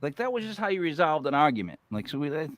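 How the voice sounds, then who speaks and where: A man hosting a podcast in casual chat, joking and animated. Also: fairly high pitch, fast talker, dry recording. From New England, near Boston. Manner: animated, joking, slips into mock accents. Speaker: podcast host.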